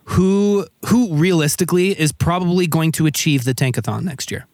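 Excitable, rambling podcast host man. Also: a little high, normal speed, no echo, studio quality. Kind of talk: casual sports podcast chat.

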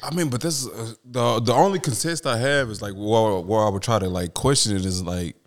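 Man, fairly low voice, animated casual sports argument. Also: fairly quick. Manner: animated, rises in pitch when arguing, casual slang.

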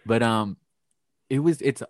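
A man's voice: mid-range voice, a little slow, dry recording. A young man with a mid-range voice chats on a podcast in a sassy, gossipy way. The recording is dry and close. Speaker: podcast co-host. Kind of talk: casual chat.

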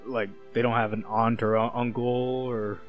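A man's voice: mid-range voice, level tone, normal speed, soft background music. A man co-hosting a casual chat, rambling and joking with lots of fillers.

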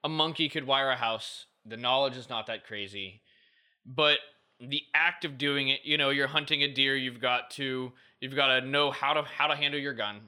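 A man's voice: medium pitch, steady tone, normal speed, bright, forceful tone, clear, resonant tone. A man chatting as a podcast guest, explaining his view with lots of "like" and "right?". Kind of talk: casual podcast chat.

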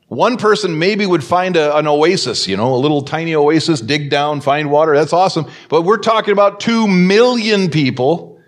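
A man preaching a sermon as pastor, telling a story and acting out the quoted voices with big swings in pitch.

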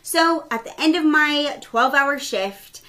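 A woman tells a story from her nursing career, with a bright, forceful tone and a voice a little higher than most. She talks in an animated, chatty way and slips into the voices of the people in her story. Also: measured pace. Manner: animated, acts out quoted dialogue. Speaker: pediatric ICU nurse, guest. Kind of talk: casual storytelling interview.

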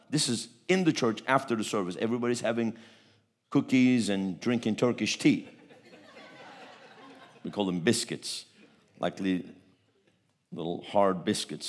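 A man preaching a testimony sermon, telling a story with repeated words and a voice that swells at its peaks. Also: lowish voice.

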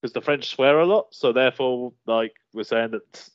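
A man's voice: mid-range voice, normal speed, clean tone, no room sound. A man hosting a casual podcast chat, reading through a list and laughing often. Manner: laughs often, lively banter. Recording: dull lo-fi sound, dry.

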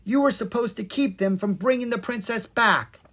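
A fretful fairy mother pleads in a high, husky voice, her pitch swooping all over as she frets about losing her home, put on by the storybook narrator. She sounds tearful and urgent. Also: very animated, a little slow, full character voice. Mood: pleading. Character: bossy fretful fairy mother, a palace housekeeper.

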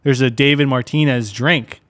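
A young man in casual podcast chat, mid-pitched and relaxed. He rambles freely, peppering his talk with fillers and "dude". The tone stays easygoing and conversational throughout. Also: normal speed. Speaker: podcast co-host.

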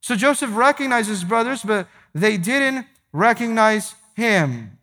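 A pastor preaching a sermon to his church, emphatic, repeating phrases and slowing down to stress key points. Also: high voice, expressive, fairly bright tone. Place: large church sanctuary. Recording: long hall reverb.

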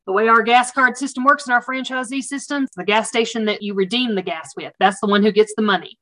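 A woman's voice: on the high side, fast talker, a bit bright, lightly acted. A woman voicing a blunt, folksy older female gas station owner with an Oklahoma accent and a matter-of-fact drawl.

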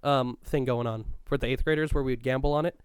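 A man's voice: medium pitch, steady tone, fairly quick, clean tone, no room sound, clean studio sound. A man in casual chat, recalling school days with a rambling, profane manner and frequent laughs. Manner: stops to look things up mid-talk. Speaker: co-host reminiscing about school days.

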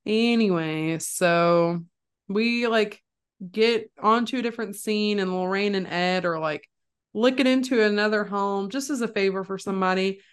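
A woman's voice: moderate pace, clear, resonant tone. A young woman co-hosting a podcast, casually retelling a horror film scene by scene and acting out the quotes. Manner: animated storyteller, acts out quotes with jumps in pitch. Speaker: podcast co-host.

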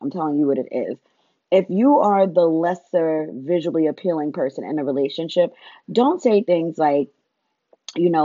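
A woman's voice: on the low side, animated, unhurried, dark tone, no room sound, muffled recording. A woman, ranting bluntly and profanely, laughing as she talks. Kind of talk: casual comedic rant.

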